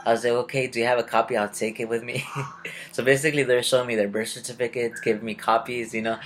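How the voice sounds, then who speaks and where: A man's voice: medium pitch, little pitch movement, quick pace, slight background noise. A young man casually telling a rambling personal story and acting out the people he met. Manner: rambling, confused, retells conversations in quotes. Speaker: vlogger.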